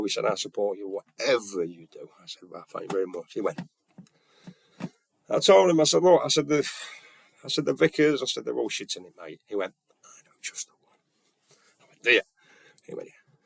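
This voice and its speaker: Man, casual storytelling, earnest, gravelly, dry. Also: mid-range voice, dry recording. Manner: retells conversations with "I went, he went", blunt and earnest. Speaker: vlogger.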